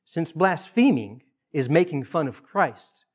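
A man's voice: on the high side, expressive, slightly rough. Earnest male preacher giving a sermon. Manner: earnest, rises in emphasis on key points with pauses and repeated phrases.

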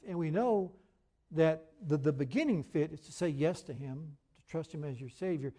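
Guy preaching, warm mellow tone, kinda high voice, leans hard on repeated words. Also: expressive. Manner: earnest preaching with emphatic repetition; reads scripture aloud in measured cadence. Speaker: pastor. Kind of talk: sermon.

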